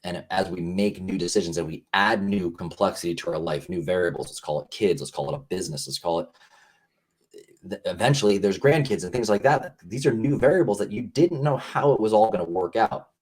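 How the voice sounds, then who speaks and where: A man with a low, husky voice chats as a guest on a podcast. He talks in a casual, earnest way and rambles with plenty of fillers and restarts. His deep tone and slightly rough texture stay with him the whole time. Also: lively intonation, fairly quick, a little mellow.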